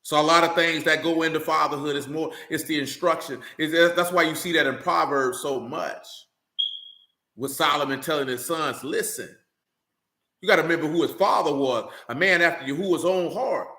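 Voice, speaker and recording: Man, preacher, bright voice, emphatic rhetorical sermon, roomy echo. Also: fairly high pitch, moderate pace. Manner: preachy, repeats "man" and "you understand", rising to emphatic. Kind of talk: sermon with scripture reading.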